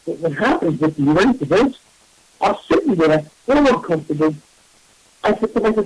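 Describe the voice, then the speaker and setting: A man, a psychic medium hosting a radio show, telling a story in a casual, animated and self-mocking way. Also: fairly high pitch, a little fast, slightly rough, no echo, rough recording.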